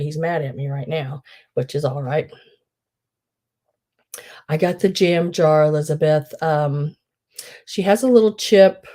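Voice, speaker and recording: A woman hosts a live online sale with a low, mellow voice. She chats casually and rambles, filling pauses with "um" and restarting sentences. Her tone stays soft rather than bright. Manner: chatty and rambling, many fillers.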